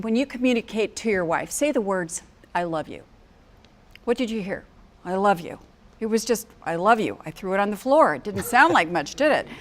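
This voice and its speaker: Brief: older American woman, marriage coach, earnest teaching talk, slightly high voice. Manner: earnest, acts out phrases with emphasis.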